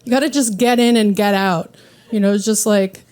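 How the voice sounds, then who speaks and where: A woman in her thirties hosting a stand-up comedy set, self-deprecating and animated as she acts out what others say. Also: mid-range voice, normal speed, clean tone. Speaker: comedy show host. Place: live comedy venue with audience.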